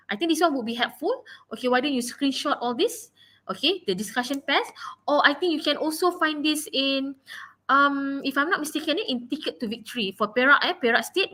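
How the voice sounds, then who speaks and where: Woman, Malaysian accent, online English teacher, coaxing repetitive delivery, high pitch. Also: sharp tone. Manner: encouraging, repeats phrases, mixes in Malay words. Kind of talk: online exam revision class.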